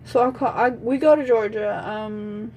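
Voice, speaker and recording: A woman's voice: on the high side, measured pace, darkish tone, slight background noise, rough recording. A young woman vlogger telling a casual storytime, blunt and swearing freely as she acts out what everyone said.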